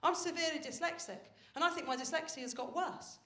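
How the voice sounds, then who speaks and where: A woman performing a stand-up comedy set on stage, telling stories in a brash, animated way with plenty of swearing. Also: sits high, quick pace. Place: stage of a live comedy venue. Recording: roomy live venue with faint noise. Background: audience laughter.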